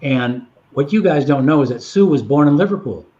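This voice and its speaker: A man's voice: a little high, expressive, a little fast, mellow, lo-fi sound, a little hiss or hum. A man telling long anecdotes in a casual chat. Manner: rambling anecdotal storytelling. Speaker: guest storyteller.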